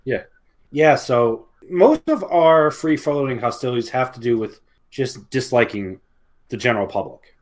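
A man's voice: mid-range voice, expressive, measured pace. Sarcastic man with a mid-range voice. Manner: dry sarcastic banter. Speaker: podcast co-host. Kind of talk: casual comedic chat.

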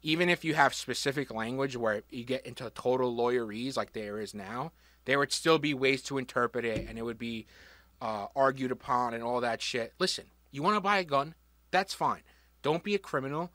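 A man's voice: medium pitch, a little fast, a bit bright, no room sound. A man co-hosting a casual podcast, talking bluntly and joking with a lot of profanity. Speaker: podcast co-host.

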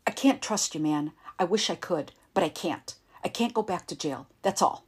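A woman's voice: on the low side, lively intonation, normal speed, slightly rough. A woman voicing a desperate, volatile male ex-con who holds a gun, blunt and pleading. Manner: blunt, pleading, repeats "man".

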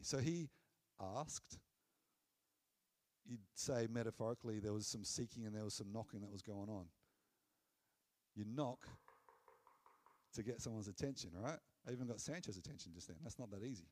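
A man preaching a sermon in an earnest, conversational way, dropping low and soft on key phrases. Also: normal speed, pauses often.

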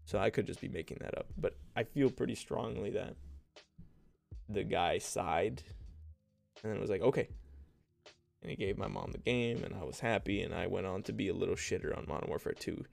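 Gravelly young man rambling on a podcast. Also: fairly low pitch, fast talker, hardly any pauses. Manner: rambling, self-deprecating, laughs often. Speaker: podcast host and streamer. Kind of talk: casual solo podcast chat.

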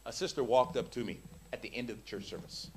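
A man preaching an animated, jokey sermon, often repeating words as he builds up. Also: mid-range voice, fast, slight background noise.

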